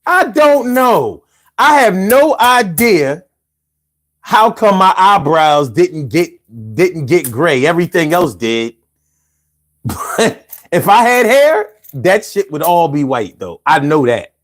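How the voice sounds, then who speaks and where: A man's voice: sits high, very animated, slow pace, a bit bright. Profane, rambling middle-aged man streaming live. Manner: profane, rambling, stammering restarts, laughing asides. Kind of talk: casual live stream chat, reading viewer comments.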